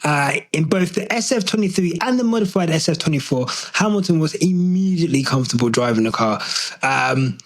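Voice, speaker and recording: A young man from the UK hosting a solo podcast, talking in an animated, slangy, swear-filled and excitable way. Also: on the high side, fairly quick, rough recording. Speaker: podcast host.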